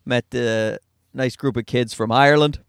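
A middle-aged man with a Newfoundland accent, a stand-up comedian talking fast and profanely in a rambling, self-deprecating monologue from his car. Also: mid-range voice, steady tone, vocal fry, clean tone, no room sound, clean studio sound. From Newfoundland, Canada. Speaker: stand-up comedian, podcast host.

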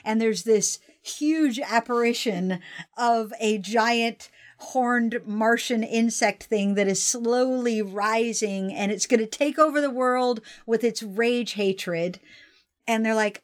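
A woman with a fairly high voice talks through a film's plot in a casual chat, and she is clearly the show's co-host. She keeps breaking into little quoted voices for the characters, lively and playful. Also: takes it slowly. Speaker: podcast co-host.

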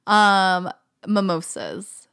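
A woman's voice: medium pitch, very animated, vocal fry, fairly bright tone, clear, resonant tone. Young female co-host, casual banter, laughs easily, playful asides. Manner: giggly, playful, quick asides. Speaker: podcast co-host. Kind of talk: casual chat.

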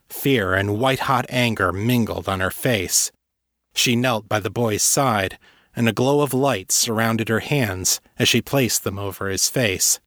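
A man narrating a fantasy audiobook in a steady, measured way. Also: on the low side, no echo, studio quality. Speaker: narrator and author.

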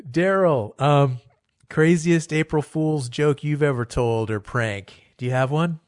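A man's voice: on the high side, unhurried, no echo, studio quality. A man hosting a call-in show, from Laguna Pueblo, laughing along with his guests. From Laguna Pueblo, New Mexico. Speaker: show host.

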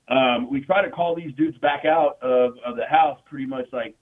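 A medium-pitched man, a military veteran appearing as a guest, tells war stories casually and quickly. The talk is profane and filler-laden, with "you know what I mean" on repeat, and the audio is tinny like a phone call.

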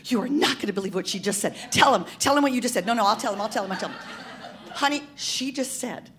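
A woman's voice: a little high, quick pace, close to an everyday voice. A woman putting on a squealing, gushing party guest. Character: gushing excited middle-aged woman guest.

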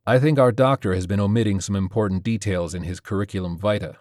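A man's voice: fairly low pitch, fast, darkish tone, no room sound, clean studio sound, lightly acted. A man voicing a wry female soldier with an understated delivery.

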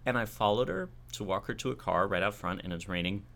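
A man with a very deep voice tells a story from his own life in casual conversation. His tone is bright and forceful, and he retells things in an animated, self-mocking way. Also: fast, creaky.

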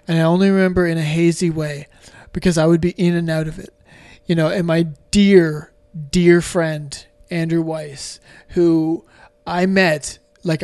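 Emotional man with a higher voice, dry sound. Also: darkish tone, no room sound. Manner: emotional, halting, frequent restarts and fillers; swears casually. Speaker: podcast guest. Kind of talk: candid conversational storytelling.

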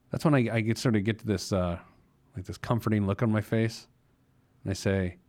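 Man, podcast host, casual money talk, playful, self-mocking, average pitch. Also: big pitch swings, a little fast, darkish tone. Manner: playful, jokey, laughs at himself. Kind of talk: casual monologue.

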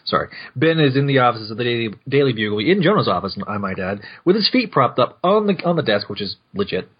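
A man's voice: mid-range voice, big pitch swings, fast, slightly rough. A man hosting a podcast, recapping a comic in casual, rambling chat that corrects itself and often breaks into laughs. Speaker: podcast host. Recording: muffled lo-fi podcast mic.

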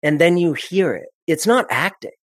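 A man with a slightly high voice talks through presenting in an animated, expressive way, often restarting his sentences mid-thought. His voice is recorded dry and close, with no room sound around it. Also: normal speed, dry recording. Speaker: presentation coach guest. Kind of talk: conversational podcast interview.

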